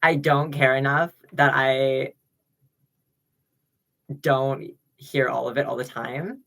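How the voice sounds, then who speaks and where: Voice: medium pitch, fairly even intonation, slow, gravelly, pushed and bright. A streamer with a male-sounding voice, ranting profanely on a live webcam stream, with lots of "like" fillers. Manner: profane, heated, full of "like" fillers. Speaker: livestreamer. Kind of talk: ranting livestream monologue. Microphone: webcam mic.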